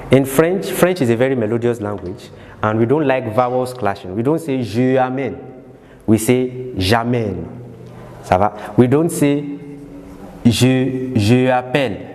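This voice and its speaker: Slow, deliberate man teaching French. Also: medium pitch, dark tone. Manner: repetitive, drills words again and again. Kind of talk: slow classroom explanation. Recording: long reverb with faint background noise.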